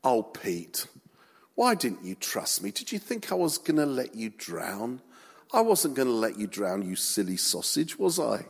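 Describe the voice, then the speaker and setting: A man doing a soft, tender, reassuring teacher. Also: high-pitched, animated, normal speed, few pauses, big-room sound, voice pushed up. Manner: soft, hushed, coaxing. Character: gentle, tender male teacher, kindly and reassuring.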